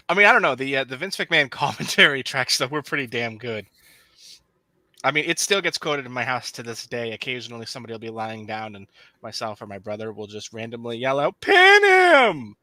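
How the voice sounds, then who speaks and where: A man's voice: medium pitch, brisk, long pauses, pushed and bright, dry recording. A man hosting a podcast, chatting casually and reading channel promos with upbeat asides. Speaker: podcast host.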